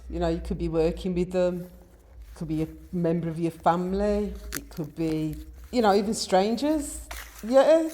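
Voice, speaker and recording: Slow-talking English woman vlogger. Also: lowish voice. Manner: animated, indignant retelling with quoted dialogue. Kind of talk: casual storytelling vlog.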